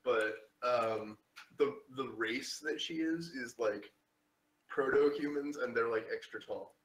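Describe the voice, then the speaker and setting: A man running a tabletop game as game master, rambling with many fillers and throat-clearing. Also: mid-range voice, takes it slowly, fairly bright tone, echoey room, rough recording.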